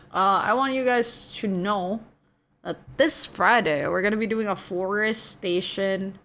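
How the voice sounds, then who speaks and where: A young adult woman streaming, chatting casually with her viewers in a relaxed, drawling way, often saying "bro" and yawning. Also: medium pitch. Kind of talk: casual chat with viewers, reading chat aloud.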